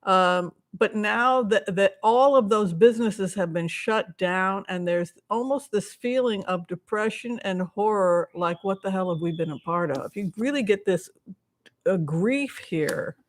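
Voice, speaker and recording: A woman's voice: medium pitch, unhurried. Rambling woman hosting a live chat. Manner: rambling, chatty, thinks aloud with many asides; reads out and answers viewer questions and thanks donors. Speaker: tarot reader hosting a members' live stream. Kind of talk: casual live-stream chat.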